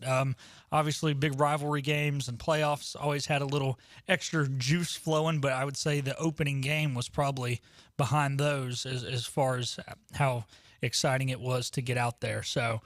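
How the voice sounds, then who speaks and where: A man's voice: fairly high pitch, a bit bright, no room sound, studio quality. A young man hosting a casual sports talk radio show, chatty, with frequent ums and uhs.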